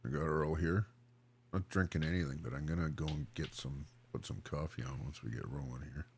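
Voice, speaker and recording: A man's voice: rumbling low, brisk, a little mellow, a little hiss or hum. A man hosting a livestream in casual chat, greeting viewers one by one with friendly banter. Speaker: livestream host.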